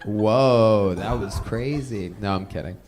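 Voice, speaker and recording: A man's voice: fairly low pitch, slow pace, darkish tone. A man hosting a live comedy show, hyping the comic and asking teasing questions with laughter. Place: comedy club stage.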